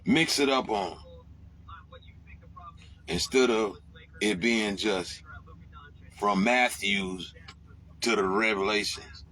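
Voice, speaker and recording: A truck driver rants casually to the camera in a lowish voice, speaking slowly with long pauses over slight background noise. He's profane and animated, breaking into sudden yelled outbursts.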